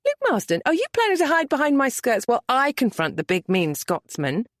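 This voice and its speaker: A woman reading the lines of a spirited young widowed lady, with lively, higher exclamations. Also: a little fast, no room sound, studio quality.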